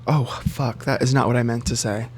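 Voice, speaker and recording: A man chatting casually to camera about books, animated and loose, swearing freely and jumping up in pitch for emphasis. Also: normal speed, husky. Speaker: bookseller and book vlogger.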